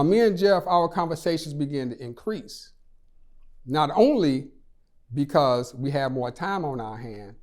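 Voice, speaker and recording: A man's voice: medium pitch, darkish tone. A man speaking for a charity, telling a personal story in a prepared talk, earnestly, his voice rising and dropping for emphasis.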